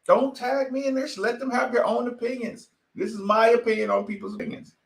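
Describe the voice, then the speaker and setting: A man's voice: very high-pitched, steady tone, fairly quick, gravelly, reverberant. A man from Asheville, hosting a sports talk podcast in a heated, ranting way, cussing and laughing often. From Asheville, North Carolina. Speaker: podcast host.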